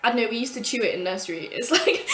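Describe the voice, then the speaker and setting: Woman vlogger, young adult, lively storytime delivery, roomy echo, faint hum behind. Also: a little high, quick pace. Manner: animated, swears freely, acts out her own past thoughts. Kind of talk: casual storytime monologue.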